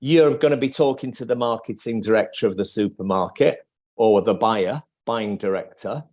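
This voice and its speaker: A man's voice: fairly low pitch, normal speed, darkish tone. A man speaking on a live video call as an interview guest, thinking aloud with restarts and acting out sales lines.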